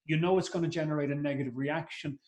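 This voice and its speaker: A middle-aged male trainer gives a live conference masterclass in a conversational way, repeating words and acting out short quotes. His voice is fairly high and darkish, quick-paced with fairly even intonation, and the conference room adds a roomy echo.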